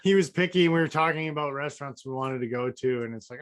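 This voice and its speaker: A man's voice: medium pitch, level tone, rapid-fire, few pauses. A man co-hosting a podcast, telling stories in a dry, joking way with many fillers. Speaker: podcast co-host. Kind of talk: casual storytelling.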